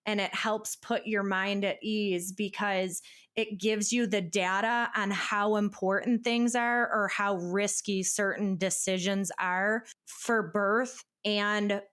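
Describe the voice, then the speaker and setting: A young woman co-hosting a mom podcast. She speaks in a reflective, supportive tone and laughs often, with a mid-pitched voice in casual conversation. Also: steady tone, slow pace, a bit bright. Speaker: podcast co-host. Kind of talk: casual chat.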